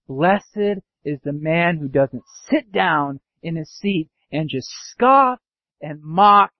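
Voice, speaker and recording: Man, pastor, animated sermon, high pitch, muffled recording. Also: slow, no echo. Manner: animated preaching, mimics sarcastic voices. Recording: dull dry lo-fi sound.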